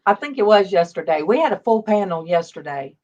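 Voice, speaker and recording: A woman's voice: medium pitch, lively intonation, fairly quick, a little mellow. A woman in her fifties hosting a casual faith livestream, chatty and greeting viewers by name. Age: 50s. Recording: dull lo-fi stream audio.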